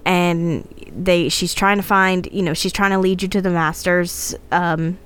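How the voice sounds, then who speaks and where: A woman's voice: on the low side, fairly even intonation, measured pace, fairly bright tone, clean tone. A woman co-hosting a casual podcast, reading a legend from her notes with frequent laughs and stumbles. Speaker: podcast co-host.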